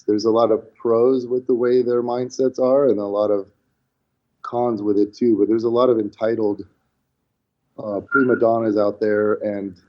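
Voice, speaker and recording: A man in his forties, a podcast guest telling stories in casual chat, acting out quotes with many restarts. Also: mid-range voice. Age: 40s. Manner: animated storyteller, acts out quotes, many restarts. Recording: dull lo-fi sound.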